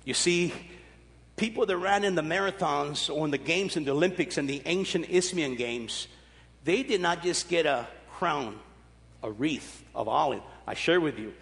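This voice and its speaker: A man's voice: a little high, moderate pace, vocal fry, fairly bright tone, long reverb tail. A man in his sixties preaching a sermon, with an emphatic, repetitive, folksy delivery. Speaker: pastor.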